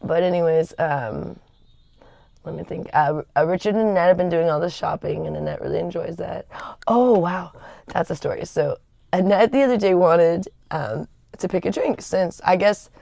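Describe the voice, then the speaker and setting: A woman's voice: lowish voice, normal speed, vocal fry, dark tone, no room sound. A woman chatting casually on a livestream, rambling with lots of fillers and laughter. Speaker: livestream host. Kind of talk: casual chat.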